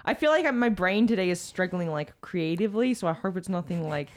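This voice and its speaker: A woman's voice: lowish voice, expressive, fairly quick. A woman co-hosting a podcast in laid-back casual chat, speaking loosely with lots of filler words. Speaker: podcast co-host.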